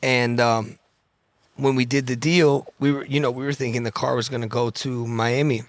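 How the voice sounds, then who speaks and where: A man's voice: medium pitch, flat delivery, moderate pace, no room sound. Dry, close-miked man telling stories. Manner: loose, profane, re-enacts conversations. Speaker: podcast guest, luxury car dealer. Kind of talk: casual storytelling chat.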